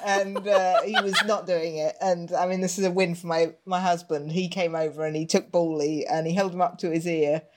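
A woman guest in casual chat on a podcast, laughing often and halting with fillers. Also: on the low side, steady tone, slight background noise. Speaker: guest, comic artist.

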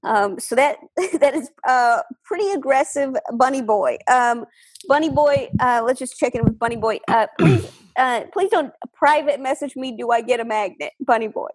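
A woman hosting a comedic call-in game show, deadpan and rambling with fillers. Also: on the high side, moderate pace. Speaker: host.

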